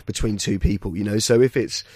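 A young man chatting as a guest impressionist, dropping in and out of quick impressions. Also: lowish voice, breathy edge, no echo, clean studio sound. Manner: lively, slips in and out of impressions. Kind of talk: casual interview chat.

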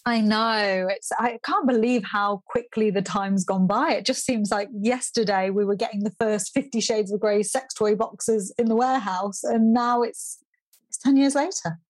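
A woman's voice: mid-range voice, moderate pace, no echo. A woman in her thirties from the UK, a guest on a casual podcast, talking in a chatty, upbeat way and laughing often. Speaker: podcast guest, sex and relationship expert.

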